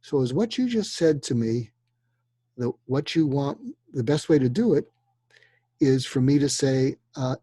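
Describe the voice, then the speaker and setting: An older man giving persuasion advice in a relaxed interview, acting out the lines he suggests people say in a calm, coaching way. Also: on the high side, unhurried, slightly rough, no room sound. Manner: acts out quoted dialogue in a calm coaching tone. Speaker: guest expert on persuasion.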